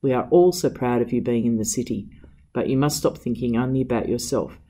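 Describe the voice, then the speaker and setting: A man's voice: mid-range voice, brisk, mellow, close to an everyday voice. A man reading a letter as a bossy, coaxing old village grandmother.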